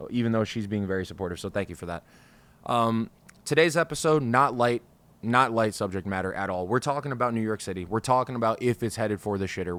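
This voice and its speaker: A man's voice: medium pitch, clear, resonant tone. A man hosting a casual solo podcast, frustrated and scattered, talking in a rambling way and swearing freely, recorded on a studio microphone. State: over-caffeinated, scattered. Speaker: podcast host.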